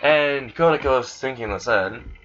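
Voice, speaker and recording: A man's voice: medium pitch, normal speed, fairly bright tone, a little hiss or hum. A man casually improvising a fan story, rambling and crude with lots of fillers and swearing, on a dull lo-fi recording.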